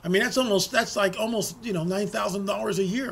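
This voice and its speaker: Guy ranting politics to his folks, high voice, keeps repeating himself. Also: brisk, gravelly, fairly bright tone, husky. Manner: emphatic, repeats words and restarts often. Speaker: political commentator. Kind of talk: opinionated political monologue.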